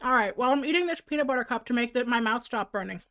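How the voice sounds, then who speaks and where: A woman's voice: a little high, lively intonation, fast, a bit bright. A woman streamer chatting casually on a livestream, self-mocking and swearing freely.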